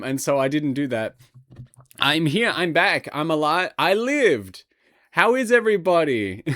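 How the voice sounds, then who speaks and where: A man's voice: a little high, a bit bright, no room sound, studio quality. A man chatting casually on a livestream, playful and rambling, joking with his chat. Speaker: streamer.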